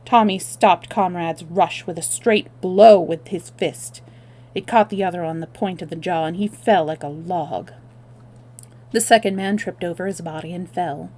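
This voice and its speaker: A woman storyteller reading a novel aloud on a livestream, expressive, with small self-corrections. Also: on the low side, normal speed.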